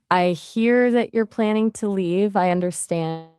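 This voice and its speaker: A woman's voice: mid-range voice, slow, a little mellow, smooth, no echo, studio quality. A woman's voice acting as an AI voice assistant in casual chat, chatty and polite, often asking follow-up questions.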